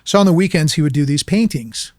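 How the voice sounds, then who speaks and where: A documentary filmmaker, guesting on an interview, tells a casual anecdote and animatedly acts out the voices of the people in it. His voice is a little high and he talks fast, recorded in studio quality with no echo.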